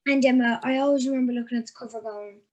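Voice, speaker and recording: A woman's voice: a little high, fairly even intonation, quick pace. A woman hosting a casual interview, chatty and giggly, with lots of ums and likes. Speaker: interviewer and host.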